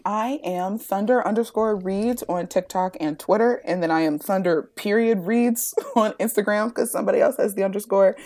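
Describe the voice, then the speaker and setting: A woman's voice: mid-range voice, darkish tone. Playful woman guest, casual chat. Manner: playful, self-deprecating, laughs often. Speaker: podcast guest.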